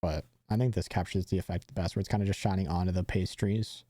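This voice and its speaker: A man's voice: low-pitched, steady tone, fast, dark tone, dry recording, clean studio sound. A young man streaming live, chatting casually and rambling with many fillers and restarts.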